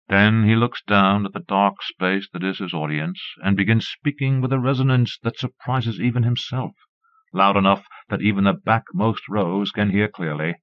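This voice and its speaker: A man reading a short story aloud as an audiobook narrator, in a measured, even way. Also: lowish voice, no room sound. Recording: dull lo-fi cassette recording.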